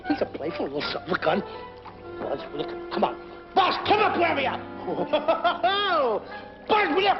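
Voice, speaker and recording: An actor playing a childish, excitable, bumbling grown man in a 1940s film comedy, whiny, giggly and playful. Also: a little high, fast, natural voice. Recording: dull 1940s film soundtrack with music.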